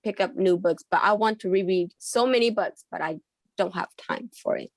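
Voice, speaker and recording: A woman co-hosting a book podcast, soft-spoken and given mostly to short agreeing sounds. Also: mid-range voice, normal speed, no echo. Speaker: podcast co-host. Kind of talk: casual podcast interview.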